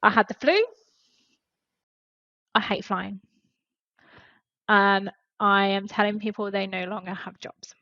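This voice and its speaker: A woman's voice: medium pitch, little pitch movement, moderate pace, hardly any pauses, pushed and bright, dry recording, muffled recording. A woman, a podcast guest and former HR specialist, telling an earnest and emotional story in casual conversation.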